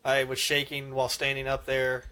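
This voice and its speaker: A man's voice: medium pitch, monotone, moderate pace, sharp tone. A man co-hosting a podcast, rambling through a personal story in casual chat and laughing easily at himself. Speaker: podcast co-host.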